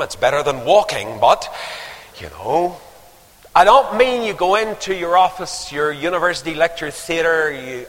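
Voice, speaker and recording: An older man preaching, his voice sitting a little high and swinging widely as he moves from anecdote to fervent exhortation. His words ring out into a long hall reverb, as in a large church. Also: fairly bright tone. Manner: storytelling, rising to emphatic exhortation. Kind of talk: sermon.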